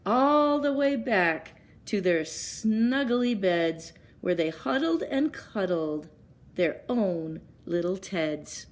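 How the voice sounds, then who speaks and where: A woman librarian reads picture books aloud at story time, stopping gently to ask the children questions. She speaks slowly and carefully. Her voice is very lively, rising and falling a lot. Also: mid-range voice.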